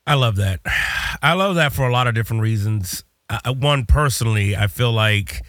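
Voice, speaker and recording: A man hosts a relaxed podcast chat, rambling and animated, often restarting his sentences. His voice sits at an ordinary mid pitch, recorded up close and dry, with no room echo. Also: moderate pace. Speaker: podcast host and communications professor. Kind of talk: casual podcast conversation.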